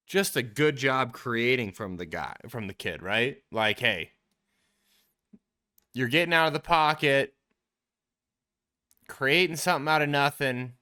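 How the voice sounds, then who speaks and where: A man with a bright, forceful voice talks through football film like a coach. His tone is crisp and smooth as he walks the audience through each play step by step, addressing them as his team in a relaxed, chatty way. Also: medium pitch. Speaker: quarterback trainer and show host. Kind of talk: casual football film breakdown commentary.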